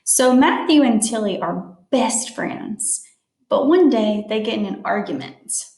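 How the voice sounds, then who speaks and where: A woman reading a picture book aloud to children, slowly explaining new words as she goes. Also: a little high, animated, a little mellow, roomy sound. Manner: slow, explains words to young listeners. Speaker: storytime reader.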